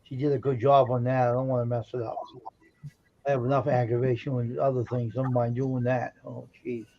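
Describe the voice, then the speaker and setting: A man's voice: medium pitch, little pitch movement, brisk, slight background noise. Man in teasing live-stream banter, dull sound. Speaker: co-host. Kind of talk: casual chat.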